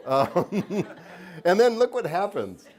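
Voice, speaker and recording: A man's voice: high voice, very animated, takes it slowly, a little mellow, some chatter behind. A man, a children's book author, giving a humorous lecture to an audience in a university lecture hall, joking at his own expense and laughing often between lines.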